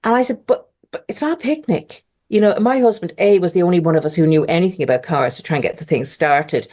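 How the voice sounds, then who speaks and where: A middle-aged woman, a podcast guest telling a personal story in a lively conversational way. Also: lowish voice, fast talker. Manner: animated, mimics others' voices in quotes.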